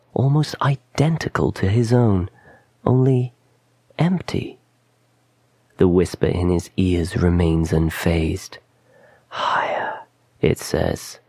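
Slow deep-voiced male storyteller. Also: warm tone, slightly rough, dry recording. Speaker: story narrator. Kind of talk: scripted narration.

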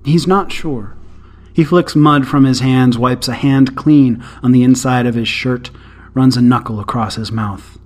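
A man narrating a short story aloud in a calm, even storytelling manner. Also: mid-range voice, a little slow.

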